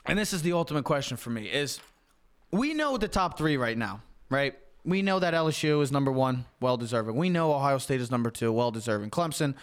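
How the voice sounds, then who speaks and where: A man's voice: medium pitch, expressive, a little fast. A man hosting a sports talk show, chatting casually, blunt and emphatic, laughing often. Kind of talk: casual sports radio chat.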